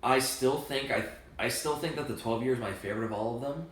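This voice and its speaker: A man's voice: mid-range voice, a little fast, fairly bright tone. A man co-hosting a casual whiskey tasting, describing flavors with lots of filler words. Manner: descriptive, uses many fillers like "like". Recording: echoey room.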